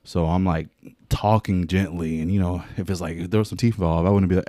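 A young man chatting casually on a podcast, telling an animated story full of slang and frequent laughs. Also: low-pitched, brisk, no room sound, clean studio sound. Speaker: podcast co-host. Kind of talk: casual chat.

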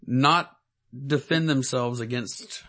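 A man's voice: mid-range voice, slow, bright, forceful tone. A man co-hosting a podcast in casual chat, stammering and restarting his sentences. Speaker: podcast co-host.

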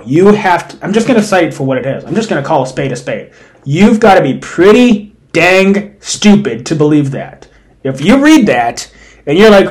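Blunt indignant male podcast host. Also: fairly high pitch. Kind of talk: opinion commentary.

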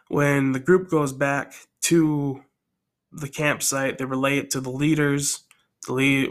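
A man casually telling his own story idea aloud, rambling and thinking out loud as he goes. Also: fairly high pitch.

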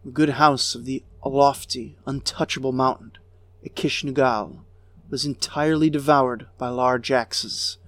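A man giving a grave, measured reading of an ancient lament as narrator. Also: mid-range voice, steady tone, fairly bright tone, no echo. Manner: slow, grave, measured delivery.

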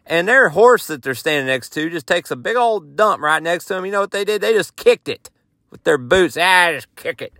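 A man's voice: sits high, expressive, normal speed, fairly bright tone, dry recording, studio quality. A man hosting a podcast, telling a rambling, self-mocking story in a folksy, casual way. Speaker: podcast host and touring musician.

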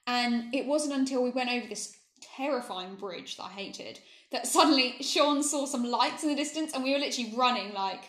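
A young woman with an English accent telling a travel story in casual chat, animated and fond of saying "literally.". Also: a little high, brisk. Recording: roomy echo.

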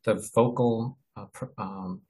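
A man presenting in a webinar, explaining ideas in a halting way with many fillers and restarts. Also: mid-range voice, steady tone, a little mellow, poor audio. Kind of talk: informal educational talk.

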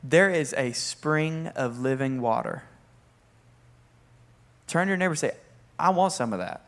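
Young preacher, higher-pitched. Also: male voice, a little slow. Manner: energetic, conversational, with audience call-and-response. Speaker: worship leader and preacher. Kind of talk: sermon.

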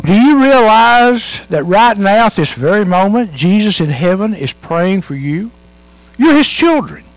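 Male preacher, high animated voice, dry sound, earnest repetitive sermon delivery. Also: measured pace, no room sound, low-quality recording. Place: church.

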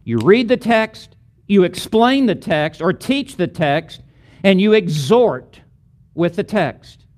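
Middle-aged guy lecturing on preaching, high voice, slow and emphatic, hammers out repeated lists. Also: sing-song, darkish tone. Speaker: seminary teacher of preaching.

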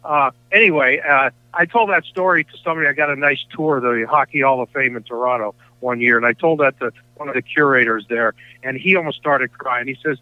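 A man's voice: mid-range voice, a little fast, no echo. An older man, a sports broadcaster appearing as a guest, telling rambling anecdotes in casual chat with frequent self-corrections. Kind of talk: storytelling in casual conversation. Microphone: phone line. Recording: tinny dry phone line.

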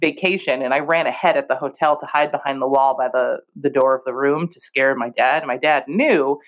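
A young adult woman co-hosting a podcast tells stories in casual chat, laughing often and acting out the voices she quotes. Her bass voice runs a little fast, and the highs in the recording are cut off.

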